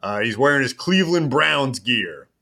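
A man with a bright, forceful voice hosts a casual podcast. He recaps a wrestling show in an animated, storytelling way, with quick asides along the way. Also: medium pitch, vocal fry. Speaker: podcast host.

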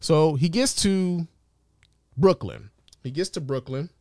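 A man's voice: a little high, takes it slowly, a little mellow, dry recording, studio quality. Casual, profane male podcast host. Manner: loose, profane, conversational with frequent fillers. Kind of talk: casual commentary monologue.

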